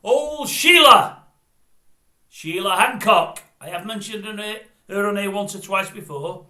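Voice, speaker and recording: Grumpy older bloke ranting to camera, blunt and rambly, highish bright voice, echoey room. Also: male voice, unhurried. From Britain. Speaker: vlogger. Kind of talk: opinionated monologue to camera. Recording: roomy echo.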